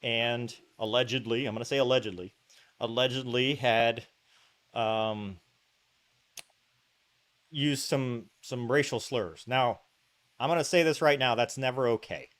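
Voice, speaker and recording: A man's voice: medium pitch, a little slow, pauses often. Man telling a story in casual chat. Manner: animated anecdote-telling, full of fillers and asides. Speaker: podcast host.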